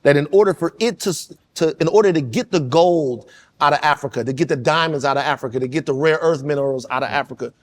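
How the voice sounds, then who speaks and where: A man with a fairly high voice talks on a podcast panel. He speaks with passion and tells stories, driving his points home by repeating them. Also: fast. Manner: passionate, storytelling, emphatic repetition. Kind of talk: casual panel discussion.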